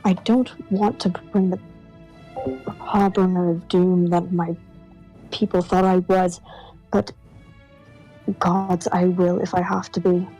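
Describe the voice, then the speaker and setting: A woman's voice: on the low side, level tone, warm tone, faint music behind, poor audio. Woman playing Fane, an earnest loyal exile. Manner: earnest, halting. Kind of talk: in-character tabletop role-play.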